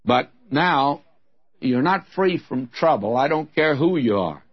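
A man's voice: medium pitch, lively intonation, measured pace, husky, lo-fi sound. A man giving a sermon as a Bible teacher, in a frank, folksy, conversational way.

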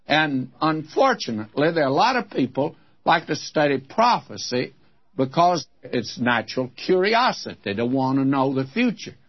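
A man's voice: fairly high pitch, big pitch swings, normal speed, husky. Older guy preaching on the bible, folksy, calls everyone friends, dull lo-fi old recording. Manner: folksy, emphatic, addresses listeners as friends. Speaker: Bible teacher. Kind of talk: radio Bible teaching.

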